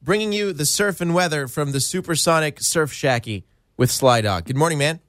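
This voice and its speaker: A man's voice: a little high, animated, fairly bright tone, no echo, clean studio sound. Man hosting a radio morning show. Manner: measured newsreader delivery that gives way to easy laughter. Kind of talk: radio news reading and morning show banter.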